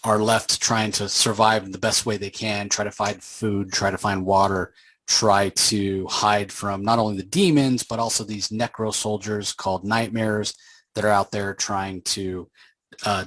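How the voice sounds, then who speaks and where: A man with a lowish voice, talking through a comic book story in a loose, meandering recap. He stops often on small fillers while he gathers his thoughts. The sound is close and dry, with no room around it. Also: a bit bright, no echo, poor audio. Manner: rambling, with frequent filler pauses.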